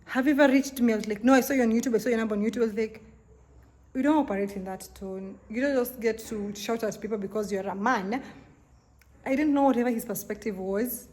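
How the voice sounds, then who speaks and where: A woman's voice: fairly high pitch, fast talker, a little mellow. Young woman telling an exasperated story. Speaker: vlogger. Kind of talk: casual storytelling vlog.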